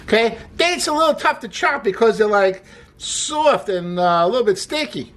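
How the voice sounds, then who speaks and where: A man's voice: sits high, sing-song, moderate pace, a bit bright, a little hiss or hum. A man hosting a casual cooking demonstration, chatty and upbeat as he explains each step while he works. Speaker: cooking show host. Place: home kitchen.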